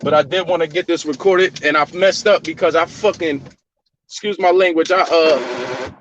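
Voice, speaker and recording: A man's voice: fairly high pitch, moderate pace, a little hiss or hum. Insistent man on a lo-fi phone recording. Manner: insistent, argumentative, repeats himself. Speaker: vlogger confronting court staff. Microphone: phone held by the speaker.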